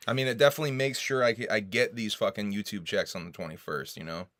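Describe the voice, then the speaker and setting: Male livestream host: low voice, dry sound, casual and profane, with frequent coughs. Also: expressive, fairly quick, a bit bright, dry recording.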